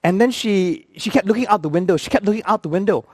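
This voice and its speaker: A man's voice: sits high, fast, dry recording, studio quality. Playful man in his fifties. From Singapore. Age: 50s. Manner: animated, playful, acts out characters. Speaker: actor. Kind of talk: comic storytelling.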